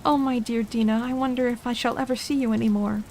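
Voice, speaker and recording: Woman playing an eager little girl, softly whispered role-play. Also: fairly high pitch, steady tone, fast, slight background noise, natural voice, rough recording. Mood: melancholy. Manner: eager, wistful.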